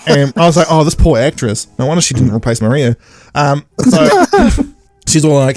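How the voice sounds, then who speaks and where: A man's voice: medium pitch, a little fast, darkish tone, no echo, faint music behind. A man co-hosting a podcast, recapping an episode in a jokey way and acting out characters in silly voices. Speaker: podcast co-host. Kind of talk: casual chat recapping an episode.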